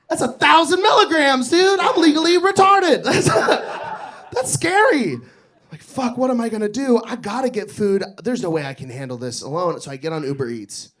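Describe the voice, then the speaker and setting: A young adult man telling crude, animated stories during a stand-up comedy set on a club stage. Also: very high-pitched, normal speed.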